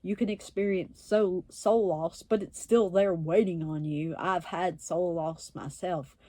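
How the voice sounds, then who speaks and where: A woman's voice: on the low side, fairly even intonation, a little slow, dark tone. A woman telling a story in a casual, blunt way, swearing and laughing often. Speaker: self-described witch and medium, vlogger.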